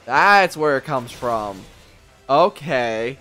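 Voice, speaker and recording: A man giving casual gameplay commentary, excitable and profane, talking back at the characters on screen. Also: medium pitch, drawn-out words, soft background music. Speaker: let's play gamer.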